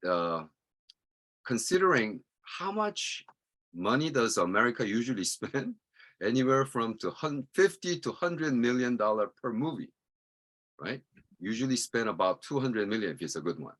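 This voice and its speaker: A man's voice: mid-range voice, unhurried. A man in his sixties, originally from Korea, giving a humorous university lecture and chuckling often as he tells stories. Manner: animated, chuckles often while telling stories. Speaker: guest lecturer.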